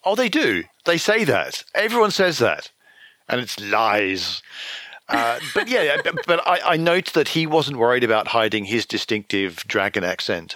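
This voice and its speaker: A man's voice: lowish voice, sharp tone, dry recording. A man co-hosting a podcast, chatting casually about a story and jumping into jokey character voices. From outside the US. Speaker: podcast co-host. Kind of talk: casual chat about fiction.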